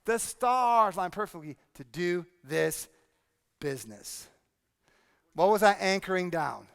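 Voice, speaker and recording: A man presenting a workshop to a live audience, energetic and drilling the room with repeated questions. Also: sits high, slow pace, vocal fry, smooth. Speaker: speaking coach presenting a workshop. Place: conference hall with audience. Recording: long hall reverb.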